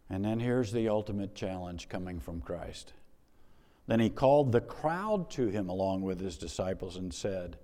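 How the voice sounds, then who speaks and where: A male pastor delivers a lively, conversational sermon, building lines through repetition and playful asides. His voice is fairly low and warm. A long reverb from a large church hall trails after him. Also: moderate pace.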